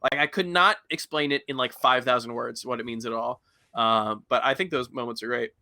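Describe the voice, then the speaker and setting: Bright, rambling podcast host. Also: male voice, medium pitch, fairly quick, creaky. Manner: rambling, many fillers, steers to the next topic. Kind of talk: casual chat.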